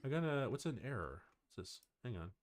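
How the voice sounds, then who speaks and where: A man livestreaming, chatting casually with his viewers in a rambling, excitable way, full of fillers. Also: mid-range voice, brisk, faint music behind. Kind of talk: casual chat to a live chat.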